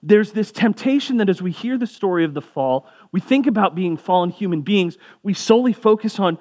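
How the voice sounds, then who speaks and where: Young male pastor with a fairly high voice, preaching in a relaxed, conversational tone. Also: a little fast, few pauses. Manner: conversational preaching, casual asides. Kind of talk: sermon.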